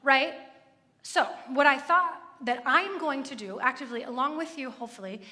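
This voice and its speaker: A woman's voice: high-pitched, normal speed, bright, forceful tone. A woman in her thirties giving a chatty, earnest sermon with lots of asides. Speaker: church speaker. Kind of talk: conversational sermon. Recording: echoey hall.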